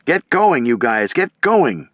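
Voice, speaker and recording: A man voicing an army lieutenant shouting orders to his men, in audiobook narration. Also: medium pitch, big pitch swings, slow pace, no room sound, pitched above the performer's own voice. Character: commanding male army lieutenant leading a charge. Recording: dull lo-fi.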